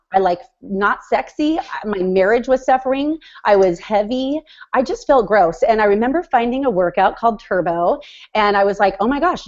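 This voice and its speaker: A woman in her forties, a coach, sharing her story on a group call in a bubbly, excitable way. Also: on the high side. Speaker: fitness business coach. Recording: dull lo-fi call audio.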